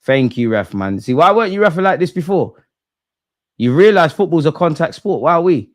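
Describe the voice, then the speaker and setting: This is a fairly quick-talking young man hosting a football watch-along live. He uses lots of slang and stays animated, alternating between shouting out and muttering low.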